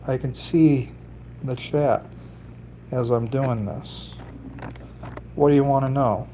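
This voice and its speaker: A man's voice: medium pitch, fairly even intonation, slow, dark tone. Guy rambling to his stream chat while he works, cracks dumb jokes, faint car noise in the back. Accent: slight put-on Italian lilt. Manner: rambling, jokey, talking to chat while working. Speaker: livestreamer building fishing lures. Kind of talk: casual solo livestream chat.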